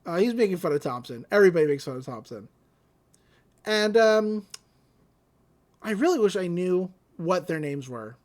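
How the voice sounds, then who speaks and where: On a podcast, a female co-host casually recaps a cartoon episode, rambling along with fillers and laughs while acting out the characters. Her voice sits fairly low and sounds animated and a little mellow, moving at normal speed with frequent pauses.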